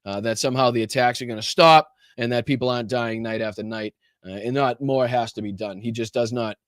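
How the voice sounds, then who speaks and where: Hosting a casual political livestream, a man fills his commentary with ums and uhs and greets chat viewers by name. His voice is medium-pitched, fairly bright and fairly quick with fairly even intonation, and the recording is dry and clean, studio quality.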